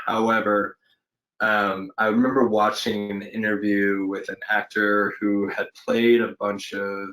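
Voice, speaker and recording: Speaking from a home lockdown setup over a video call, an actor with a fairly low, somewhat bright voice gives a casual interview. His answers come slowly and thoughtfully, full of hesitation, restarts and "um"s, on a low-quality recording.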